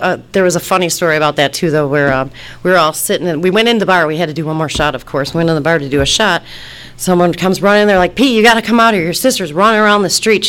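A woman's voice: on the low side, a bit bright. A woman from Detroit casually telling a personal story, rambling, restarting her sentences and laughing often. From Detroit, United States. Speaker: storyteller recounting her past.

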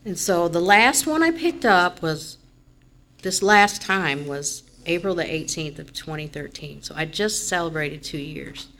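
A woman's voice: lowish voice, expressive, unhurried, a little hiss or hum. A woman giving a candid, rambling personal testimony at a recovery meeting. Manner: candid, rambling, rising to loud frustration in retold moments. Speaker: member sharing at a recovery meeting.

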